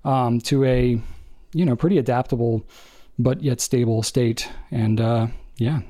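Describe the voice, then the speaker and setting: A man co-hosting a casual podcast, explaining at length in an animated, rambling way. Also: mid-range voice, a little slow. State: out of breath. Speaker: podcast co-host.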